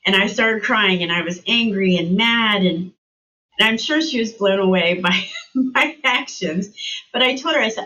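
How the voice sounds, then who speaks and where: A middle-aged woman, a guest in an interview, telling a personal story and acting out remembered dialogue with animated shifts in her voice. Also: mid-range voice, normal speed, muffled recording, a little hiss or hum.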